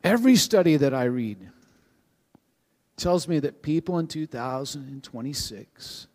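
A male pastor giving a sermon to his congregation in a conversational, animated way, with frequent restarts. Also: a little high, measured pace. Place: church sanctuary with a live congregation. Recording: long hall reverb.

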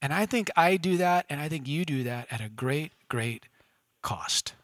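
A male pastor preaching in a relaxed, conversational way. He often checks in with his audience through quick questions. His voice is bright and fairly high, and it sounds close and dry. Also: dry recording. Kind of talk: casual sermon. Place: church room with an audience.

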